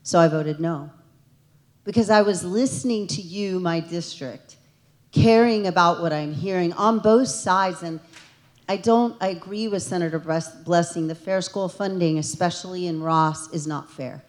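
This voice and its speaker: A woman's voice: on the low side, a little slow. Earnest, emotional woman state representative. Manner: earnest, emotional, builds to emphatic peaks. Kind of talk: town hall speech. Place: township meeting hall.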